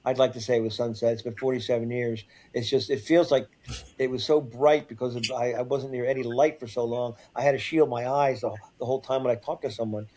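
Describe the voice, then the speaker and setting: An older man speaks as a guest, recounting events in his own words. His delivery is halting, full of restarts and repeated words, at an ordinary middle pitch. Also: fairly even intonation, mellow. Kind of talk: first-person storytelling in an interview.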